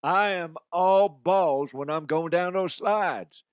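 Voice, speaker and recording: A man's voice: sits high, slow pace, clean tone, no room sound. A middle-aged man hosting a comedy podcast, telling profane, rambling stories and acting out the people in them. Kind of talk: crude comic storytelling.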